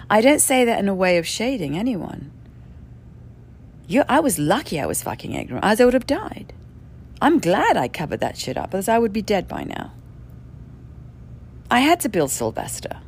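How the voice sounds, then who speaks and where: Woman, blunt, profane, emphatic, lively rising and falling voice, candid monologue. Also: medium pitch, slight background noise. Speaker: speaker sharing spiritual experience. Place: indoors in a rented lodging.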